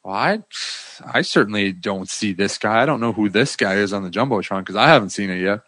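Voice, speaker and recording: Blunt low-voiced man, dry close sound. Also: fairly quick, a bit bright, dry recording. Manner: blunt and candid. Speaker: guest, former pro hockey player. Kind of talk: casual interview chat.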